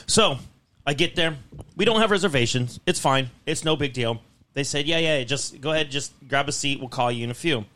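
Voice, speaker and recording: A man's voice: mid-range voice, moderate pace, pauses often, pushed and bright. A young man hosting a podcast, ranting in a casual, exasperated way and swearing constantly. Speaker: podcast host.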